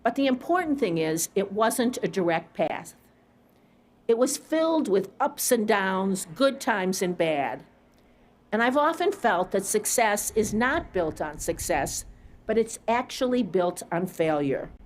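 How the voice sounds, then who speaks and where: Woman, middle-aged, commencement speaker, stage speech, earnest reflective storytelling, medium pitch. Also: expressive, unhurried. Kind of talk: prepared ceremony speech. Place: on a stage at a graduation ceremony.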